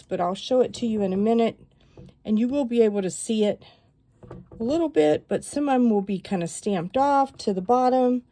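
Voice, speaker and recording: A woman calmly walking viewers through a stamping craft project step by step, chatty and given to rambling asides. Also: fairly high pitch.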